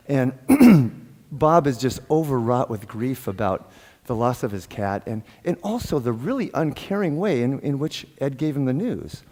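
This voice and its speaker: Male guest minister, mid-pitched, lively storyteller, long hall reverb. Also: measured pace. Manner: animated, laughs often, acts out quoted dialogue. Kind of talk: sermon with jokes and storytelling. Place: church sanctuary.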